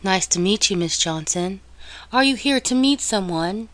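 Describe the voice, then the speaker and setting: A woman voicing a charming, wealthy gentleman who speaks in a polite, courtly way. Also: medium pitch, animated, measured pace.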